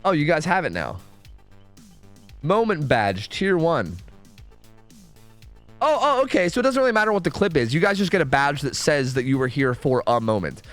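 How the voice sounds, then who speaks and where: A man's voice: on the high side, big pitch swings, quick pace, hardly any pauses, a bit bright, faint music behind. A young man streaming a game, rambling to his chat, swearing and second-guessing himself. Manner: rambling, self-questioning, swears freely. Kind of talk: casual gaming stream chat.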